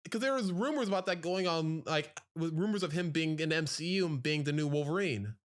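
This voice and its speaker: A man from Louisiana co-hosting a podcast, chatting in an animated, teasing way with frequent laughs. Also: fairly high pitch, brisk. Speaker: podcast co-host. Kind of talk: casual chat.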